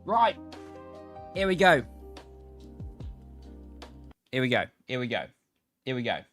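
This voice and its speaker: A man chatting casually on a racing game livestream from his home sim rig, greeting viewers by name and correcting himself quickly as he talks. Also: medium pitch, big pitch swings, fairly bright tone, soft background music. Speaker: game streamer and sim racer. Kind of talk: casual livestream chat while gaming. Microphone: desk microphone on a stand.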